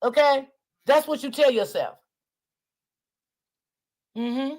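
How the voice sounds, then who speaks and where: A woman's voice: mid-range voice, normal speed, fairly bright tone. A woman, hosting a casual chat to her viewers, repeating herself and calling them y'all. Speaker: online channel host.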